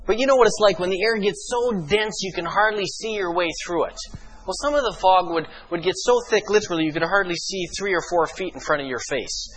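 A man preaching a sermon as pastor, emphatic and full of rhetorical questions, slowing down for dramatic pauses. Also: sits high, a bit bright, slightly rough, low-quality recording.

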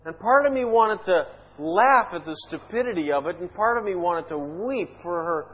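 A man's voice: high-pitched, expressive, moderate pace, muffled recording. A male pastor preaching an impassioned sermon, full of rhetorical questions.

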